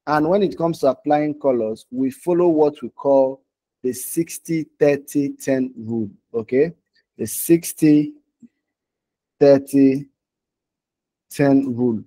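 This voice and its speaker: Clicking through screens during a relaxed live online class, a man from Nigeria teaches design in a mellow, medium-pitched voice. He keeps asking "okay?" and "right?" to check in with students.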